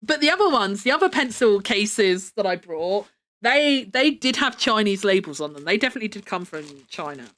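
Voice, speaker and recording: A woman's voice: medium pitch, big pitch swings, normal speed, fairly bright tone. A young woman chatting casually on a livestream, rambling with lots of fillers and casual swearing. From United Kingdom. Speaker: live streamer.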